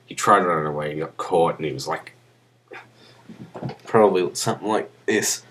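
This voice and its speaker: Young man, very low voice, drunk, rambling, crude and profane, webcam vlog. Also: normal speed, fairly bright tone, slight background noise. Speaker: vlogger. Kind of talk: rambling casual monologue.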